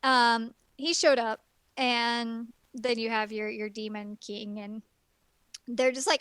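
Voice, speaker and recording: A woman's voice: a little high, little pitch movement, slow pace, a bit bright, clear, resonant tone, no echo, studio quality. A woman on a casual podcast, rambling through a plot recap with lots of ums. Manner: rambling plot retelling with many fillers. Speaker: guest reviewer.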